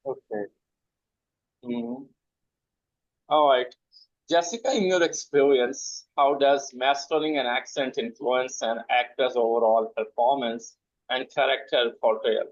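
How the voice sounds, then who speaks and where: A man interviewing an accent coach, asking measured questions. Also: medium pitch, steady tone, dry recording, highs cut off.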